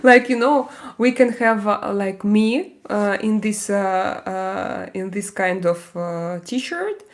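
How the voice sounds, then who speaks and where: This live stream host, a woman with a Russian accent, responds to viewers casually, hesitating often, using lots of fillers, and laughing frequently. Her voice is mid-range with lively intonation.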